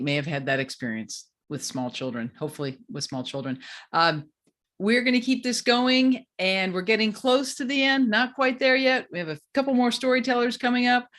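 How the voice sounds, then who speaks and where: A woman's voice: medium pitch, a bit bright. A woman hosting an online storytelling slam, introducing the next teller in an upbeat, casual way. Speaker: host.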